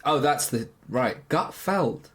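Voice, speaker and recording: A man's voice: medium pitch, lively intonation, takes it slowly. A man hosting a casual interview over a video call, easygoing, laughing along and asking follow-up questions. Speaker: podcast host. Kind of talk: casual chat.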